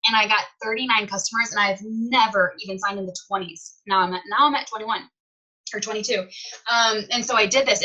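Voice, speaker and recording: A young woman giving an excited, chatty motivational talk to her sales team and acting out the messages she quotes. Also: mid-range voice, poor audio. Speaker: direct sales team leader.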